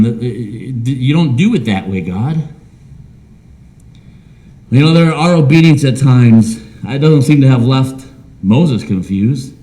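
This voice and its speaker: Speaking slowly with long pauses in a mid-range voice, a man preaches as pastor of a small church. He has a Midwestern American accent and animatedly performs imagined dialogue.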